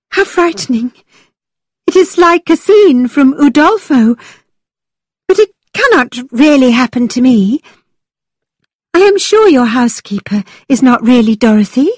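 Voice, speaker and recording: A woman voicing an excitable young woman who speaks in a high, quavering voice with nervous eagerness. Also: no room sound, studio quality, exaggerated voice.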